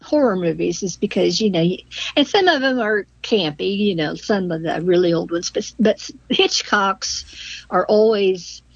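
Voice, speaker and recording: Older mom guest, husky and halting, lo-fi remote audio. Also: female voice, medium pitch, no room sound. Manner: hesitant, many fillers and restarts. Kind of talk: casual chat.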